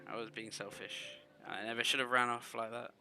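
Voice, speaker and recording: A man's voice: mid-range voice, little pitch movement, a little fast, bright, forceful tone. A man reading a young boy's tearful goodbye. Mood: earnest.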